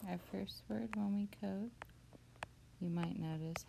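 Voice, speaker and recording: A woman teacher leads a spelling lesson in a low, heavily gravelly voice. She explains each step patiently and very slowly. Steady background noise sits under the recording.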